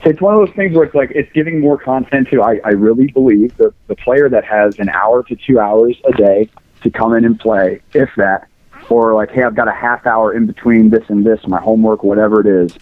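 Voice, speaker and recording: A man's voice: on the low side, steady tone, normal speed. A man calling in to a podcast, chatting casually and laid-back. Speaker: caller. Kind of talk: casual chat on a phone call. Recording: dry tinny phone line.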